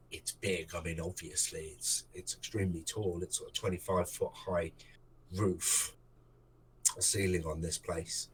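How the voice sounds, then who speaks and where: A man's voice: low-pitched, a little hiss or hum, rough recording. A man running a tabletop game as game master, narrating casually with many ums and restarts into a desk microphone.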